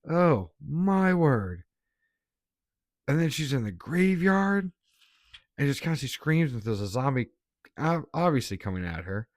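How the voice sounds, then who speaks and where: A man's voice: medium pitch, animated, normal speed, no room sound, clean studio sound. A man giving a casual, blunt movie review, laughing often and swearing.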